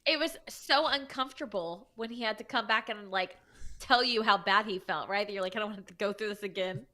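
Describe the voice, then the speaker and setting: A woman in her thirties co-hosting a podcast, asking curious questions with quick reactions and laughter. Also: medium pitch, sharp tone. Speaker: podcast co-host. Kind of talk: casual chat.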